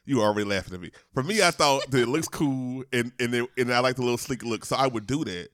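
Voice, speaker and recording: A man in his thirties co-hosting a casual podcast chat, animated and profane, acting out the voices of people he quotes. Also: medium pitch, fast, dry recording, studio quality. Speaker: podcast co-host.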